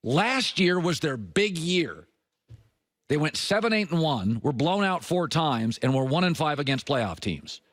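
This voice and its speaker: A middle-aged male sports talk host with a lively, highly animated voice that leaps up for punchlines and drops low to confide. He talks emphatically into a dry, close studio mic. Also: unhurried, dry recording. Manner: emphatic, swings between high punchy lines and low confiding tones. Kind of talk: opinionated sports commentary monologue.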